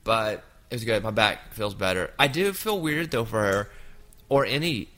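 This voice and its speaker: A man in his fifties hosting a casual chat, telling an anecdote with lively jumps into quoted voices. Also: fairly low pitch, moderate pace. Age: 50s.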